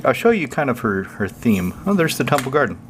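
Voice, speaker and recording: A man's voice: mid-range voice, sing-song, brisk, a little hiss or hum. A man hosting a casual deck walkthrough, rambling loosely and swearing freely. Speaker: deck-building channel host.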